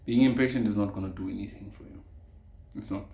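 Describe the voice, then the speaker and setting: Earnest South African man with a low voice. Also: fast, gravelly, dark tone. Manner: earnest, repeats key phrases, mixes Zulu into English. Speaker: podcast host. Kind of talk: casual solo podcast monologue. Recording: echoey room with faint ambience.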